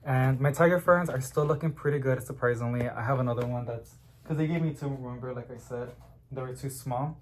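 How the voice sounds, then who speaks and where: A young man chatting casually at home about plants he is unboxing, rambling and getting excited as he goes. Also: mid-range voice, a little fast, a little hiss or hum. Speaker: plant vlogger.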